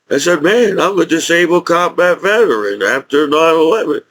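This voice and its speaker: A man's voice: a little high, animated, moderate pace, hardly any pauses, a bit bright, rough recording. A man with a speech impediment, a disabled combat veteran, ranting to camera in an angry, profane, rambling way with many restarts. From United States. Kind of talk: unscripted rant to camera.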